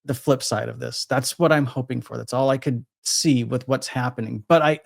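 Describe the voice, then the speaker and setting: A man's voice: mid-range voice, fairly even intonation, normal speed, gravelly, no room sound, clean studio sound. A man talking casually about crypto trading, rambling with frequent restarts and self-corrections. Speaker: crypto trader guest. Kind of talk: casual podcast chat.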